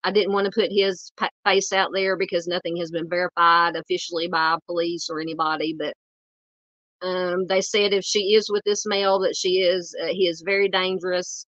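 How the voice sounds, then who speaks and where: A woman's voice: fairly low pitch, flat delivery, moderate pace, fairly bright tone, no room sound, lo-fi sound. Southern woman hosting a casual true crime update. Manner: chatty, many fillers and restarts. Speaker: true crime channel host. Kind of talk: casual update on missing persons.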